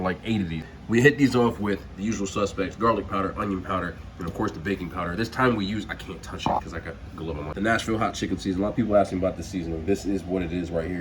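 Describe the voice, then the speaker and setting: A man's voice: deep voice, noisy background. A young man chatting casually to viewers in a cooking and mukbang vlog, full of slang and asides. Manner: chatty, slangy, addresses viewers as y'all and bro. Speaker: food vlogger.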